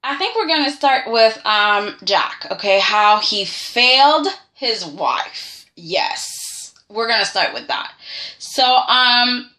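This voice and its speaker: A woman's voice: a little high, expressive, slow, sharp tone. A woman chatting casually in a review video, sassy and emphatic, who often ends her lines with "okay?". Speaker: soap opera reviewer.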